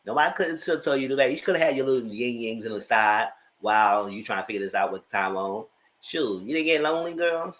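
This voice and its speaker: Animated man chatting with sassy asides. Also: mid-range voice, fast. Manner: animated, laughing often. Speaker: TV recap YouTuber. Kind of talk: casual episode review.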